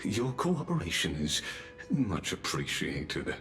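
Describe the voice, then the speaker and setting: A very low, leisurely voice that glides dramatically through its range. a courtly palace greeter in a video game, welcoming guests with theatrical flourish. Soft game music sits underneath. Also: male voice, very animated, creaky, slight background noise, exaggerated voice. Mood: ceremonious. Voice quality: deep, ornate, drawn-out delivery. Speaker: game character greeting visitors.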